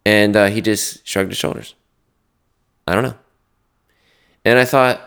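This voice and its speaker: A man's voice: on the low side, steady tone, moderate pace, long pauses, a bit bright, clean tone. A man who coaches hockey, co-hosting a podcast and earnestly telling a story from the bench. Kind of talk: casual podcast chat and storytelling.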